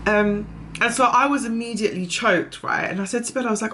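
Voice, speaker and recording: A woman's voice: a little high, quick pace, pushed and bright, a little hiss or hum. A young mother, chatting casually in a vlog and rambling through a story full of "I was like" asides. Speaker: vlogger.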